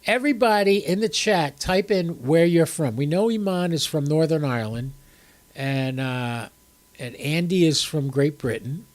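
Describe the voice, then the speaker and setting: His voice is fairly high, animated and unhurried, though a bit congested from a cold. This older man rambles easily to his chat during a ham radio livestream he hosts from a room at home, sitting on camera.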